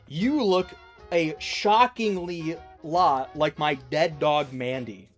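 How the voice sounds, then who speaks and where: A man's voice: on the high side, slow pace, faint music behind. A young man chatting casually while gaming, rambling and swearing, with many restarts. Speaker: gaming vlogger.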